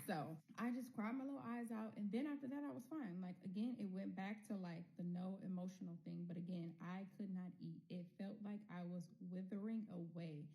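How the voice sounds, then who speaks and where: A woman's voice: mid-range voice, brisk, warm tone, low-quality recording. A woman telling a personal story casually, bluntly, with swearing, talking straight to her viewers and acting out the people in it.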